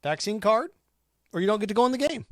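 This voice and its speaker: A man with a high, bright-pitched voice rants through a sports talk monologue, combative and sarcastic. He fires rhetorical questions and scoffs at his critics. The sound is dry and close. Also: lively intonation, quick pace, dry recording. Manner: combative, sarcastic, mocks imagined callers in put-on voices. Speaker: sports radio host.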